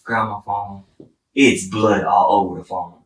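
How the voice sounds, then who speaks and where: A man's voice: on the low side, fairly even intonation, a little slow, slight background noise. A young man from Houston, a podcast guest telling a personal story in a rambling way with many "like" fillers and restarts. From Houston, Texas. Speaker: podcast guest, singer-songwriter. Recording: roomy, distant mic.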